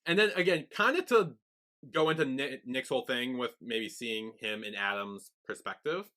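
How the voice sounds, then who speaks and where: A man's voice: medium pitch, normal speed, sharp tone. A man co-hosting a podcast, chatting casually as he recaps a TV episode scene by scene and acts out the characters' lines. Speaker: podcast co-host.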